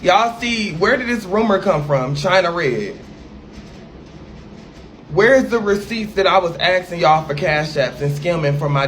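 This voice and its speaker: A man's voice: high-pitched, fairly bright tone, slight background noise. A man ranting brashly on a livestream, profane and sassy as he fires back at a critic.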